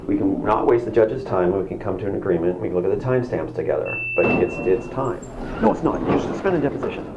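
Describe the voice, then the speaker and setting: A man's voice: fairly low pitch, huge pitch swings, quick pace, lo-fi sound, very noisy. A man recounting events in casual talk, rambling with stammered restarts.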